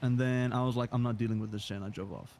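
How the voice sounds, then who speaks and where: A man in a game roleplay, hoarse today, telling a rambling, aggrieved story of events. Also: mid-range voice, fairly even intonation, racing, a little mellow. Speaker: roleplay gamer.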